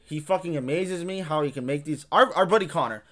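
A young man co-hosting a podcast, telling stories in a rambling, animated way with heavy swearing. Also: on the high side, brisk. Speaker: podcast co-host. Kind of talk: casual chat.

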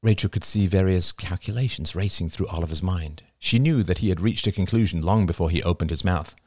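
A man narrating a novel as an audiobook, in an expressive storytelling manner. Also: low-pitched, a little fast, hardly any pauses, no room sound, studio quality.

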